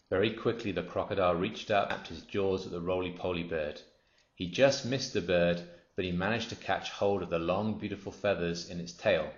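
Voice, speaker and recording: A man narrating a children's story aloud in a steady, expressive reading voice. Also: low voice, fairly quick. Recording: roomy, dull lo-fi.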